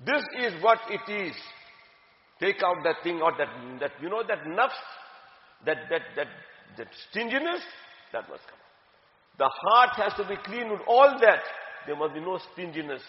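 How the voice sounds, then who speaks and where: A woman's voice: lowish voice, lively intonation, normal speed. Woman religious teacher, earnest and repetitive, recorded in a big reverberant hall. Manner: earnest, repeats key phrases for emphasis. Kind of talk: religious talk. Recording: dull, echoey hall with long reverb.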